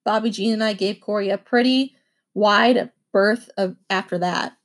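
A woman reading a children's novel aloud with expressive first-person narration. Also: mid-range voice, a little slow. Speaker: audiobook reader.

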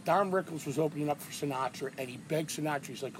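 A man talking as a guest in a casual chat, telling animated, crude stories in a noisy vehicle. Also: on the high side, quick pace, few pauses. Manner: animated storyteller, crude jokes.

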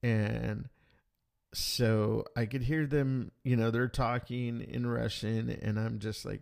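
A man casually retelling a tense travel story in a rambling, animated way, acting out the dialogue. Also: medium pitch, slow, gravelly.

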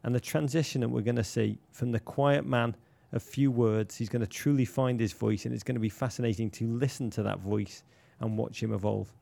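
A man's voice: mid-range voice, fairly even intonation, brisk, creaky, hardly any pauses, warm tone. A man co-hosting a casual podcast chat, playful, florid and theatrical. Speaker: podcast co-host.

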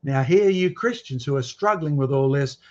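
A man's voice: medium pitch, animated, normal speed, darkish tone, muffled recording. A man giving a lecture with slides, emphatic and full of rhetorical questions and challenges to his audience. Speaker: guest speaker on creation and fossils.

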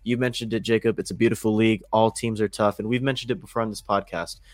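A man co-hosting a sports podcast, calmly talking things through point by point in casual chat. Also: on the low side, quick pace, no echo, clean studio sound. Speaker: podcast co-host.

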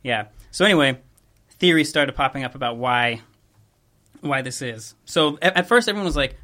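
A young man hosting a podcast, telling a story in casual chat with a laid-back, rambling manner and quick chuckles. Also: medium pitch, animated, pushed and bright. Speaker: podcast host.

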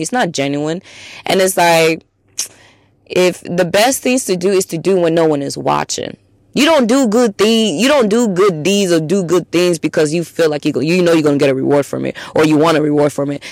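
A woman hosting a solo podcast, talking bluntly and emphatically with lots of swearing, swinging between loud outbursts and low asides. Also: no room sound. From immigrant to the US. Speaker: podcast host.

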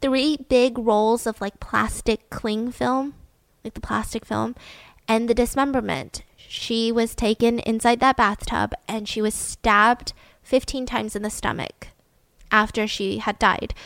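A woman's voice: fairly high pitch, a little slow, vocal fry, fairly bright tone, dry recording. Chatty woman telling a crime story. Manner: chatty, emphatic, full of "like". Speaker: podcast host. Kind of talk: casual true-crime storytelling.

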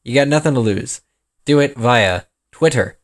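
A man's voice: medium pitch, expressive, normal speed. A man co-hosting a podcast, reading narration and chatting casually. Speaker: podcast co-host and reader.

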